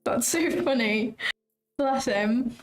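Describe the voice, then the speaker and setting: A woman's voice: fairly high pitch, takes it slowly. A young woman hosting a casual livestream, chatting in an effusive way and often saying "like" and "um". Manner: chatty and effusive, drops in lots of "like" and "um". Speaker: trading livestream host. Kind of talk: casual livestream chat, reading out viewer comments. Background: faint background music.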